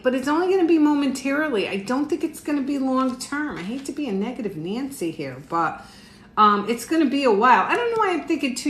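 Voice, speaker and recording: A woman's voice: on the high side, fairly bright tone. Chatty woman reading tarot at home. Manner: chatty, laughs often, talks to her viewers. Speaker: tarot reader. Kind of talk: casual live tarot reading. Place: home room. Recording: echoey room, faint noise.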